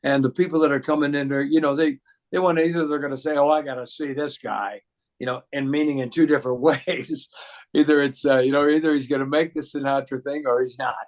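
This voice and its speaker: A man's voice: on the high side, fairly even intonation, fast talker. A man, a singer and impressionist, telling stories in a casual interview with many fillers and restarts.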